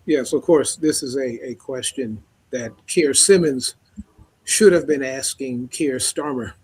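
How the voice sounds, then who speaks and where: A man giving measured political commentary as a panel guest. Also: medium pitch, darkish tone, breathy edge.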